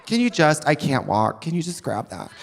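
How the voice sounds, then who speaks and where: A man's voice: fairly high pitch, big pitch swings, normal speed, gravelly. A man performing stand-up in drag, campy and sardonic, often mocking people in quoted voices. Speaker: drag comedian. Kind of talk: stand-up comedy. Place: live comedy venue with audience laughing. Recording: live show with loud crowd noise.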